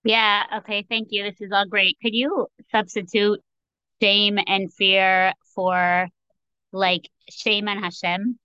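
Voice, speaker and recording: A woman in a study group asking a question in a halting, searching way, full of fillers. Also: mid-range voice, little pitch movement, sharp tone, clean tone, no echo, muffled recording.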